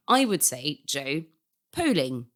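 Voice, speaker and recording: A woman's voice: low voice, fairly bright tone. A woman co-hosting a political podcast in a casual, chatty way, speaking English as her second language and laughing often. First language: not English. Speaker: podcast co-host.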